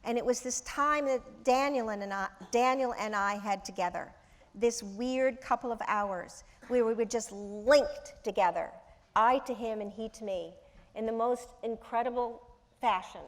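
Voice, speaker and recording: A woman in her sixties, an actress guest telling lively anecdotes with laughter in an onstage interview. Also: fairly high pitch, moderate pace. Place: large auditorium. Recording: long hall reverb.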